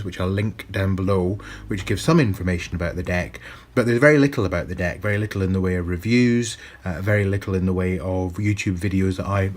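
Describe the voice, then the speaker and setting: A man giving a casual, chatty review of a tarot deck, with wry asides that poke fun at himself. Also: sits low.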